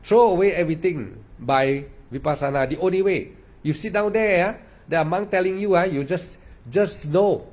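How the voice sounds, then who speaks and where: A man's voice: on the high side, moderate pace, darkish tone. A man leads a meditation talk in a slightly raised voice. He repeats his points emphatically, dropping "ah" and "lah" between phrases. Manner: repetitive, emphatic, with frequent "ah" and "lah". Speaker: meditation teacher. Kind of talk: dharma talk.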